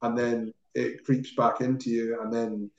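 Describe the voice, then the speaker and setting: A man's voice: medium pitch, measured pace. Man chatting in a roomy, dull recording. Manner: relaxed, rambling, laughs often. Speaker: podcast guest. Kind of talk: casual chat.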